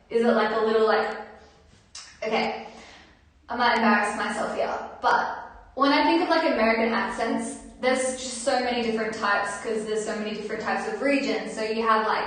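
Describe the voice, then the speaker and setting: A woman singer-songwriter chatting casually with her livestream viewers between songs, giggly and reading out their comments. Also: a little high. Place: bathroom. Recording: echoey bathroom from far off, guitar.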